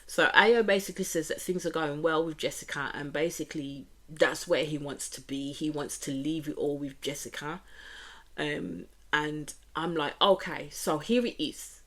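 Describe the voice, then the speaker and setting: A woman's voice: low voice, steady tone, moderate pace, fairly bright tone. A woman with a Birmingham accent giving a chatty, opinionated reaction review of a reality show, often repeating stock phrases.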